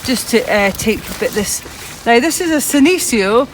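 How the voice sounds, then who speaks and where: Outdoors, a woman gives a hands-on gardening demonstration, chatty and practical, explaining each step as she cuts. Her voice is on the high side at a moderate pace, and the low-quality recording carries steady outdoor noise and passing traffic.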